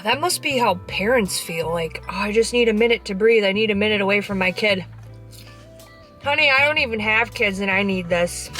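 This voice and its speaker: A woman's voice: fairly high pitch, a bit bright. A young woman vlogging casually from a parked car, talking frankly and cheekily with slang and swearing, sometimes with her mouth full. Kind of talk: casual vlog chat.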